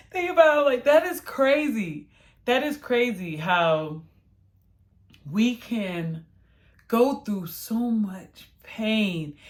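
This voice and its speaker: A woman with a fairly high voice tells a personal story. She is chatty and animated and laughs often. She acts out quoted lines in a higher voice. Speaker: vlogger.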